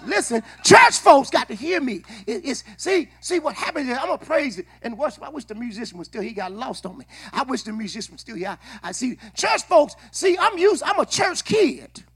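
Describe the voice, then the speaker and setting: High, bright-voiced preacher man. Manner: call-and-response preaching, shouting at peaks. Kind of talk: sermon.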